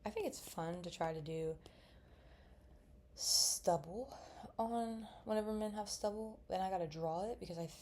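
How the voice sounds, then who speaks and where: A woman's voice: medium pitch, moderate pace, pauses often, warm tone. A young woman in casual chat while drawing, rambling and mumbling to herself as she works. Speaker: vlogger.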